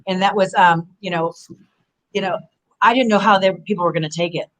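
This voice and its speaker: A woman in her forties talks as an interview guest in a middle-pitched voice. She rambles through animated stories and leans on "you know" as she goes. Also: fairly quick, slight background noise, poor audio. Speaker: guest, former pro wrestler. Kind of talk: casual interview storytelling.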